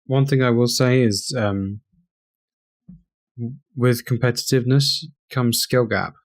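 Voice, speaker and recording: A man's voice: mid-range voice, unhurried. A man co-hosting a casual gaming podcast, talking in a blunt, dry way. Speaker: podcast co-host.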